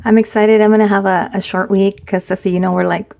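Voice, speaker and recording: Fast-talking woman telling animated stories. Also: medium pitch, creaky. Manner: animated storyteller mixing Spanish into English. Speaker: podcast co-host. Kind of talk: casual chat.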